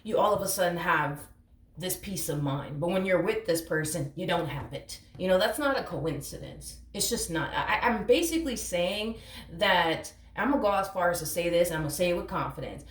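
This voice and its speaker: A woman with a lowish voice gives a tarot reading in a casual, blunt way. She hammers her points home through repetition and talks straight to the listener. She sits back from the mic in a roomy, echoey space. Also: lively intonation, normal speed, distant mic. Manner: emphatic, repetitive, blunt, calls listener honey. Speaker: tarot reader. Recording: roomy echo, away from the mic.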